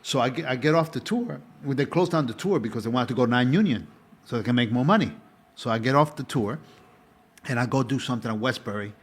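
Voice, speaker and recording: A man's voice: medium pitch, slightly rough. A middle-aged man, a former stage actor, talking as a guest in a rambling, casual chat. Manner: rambling, with restarts.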